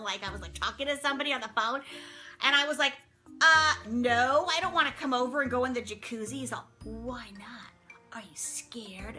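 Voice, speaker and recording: A middle-aged woman telling a story to camera in a chatty, animated way, full of exclamations and acted-out voices. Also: high voice. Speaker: vlog host telling a story.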